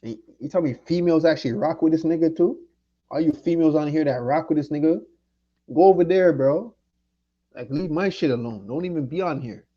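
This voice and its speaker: A Jamaican man rants angrily and profanely at someone on his livestream, heated and confrontational. His voice sits on the high side, fast and mellow, and the sound is lo-fi.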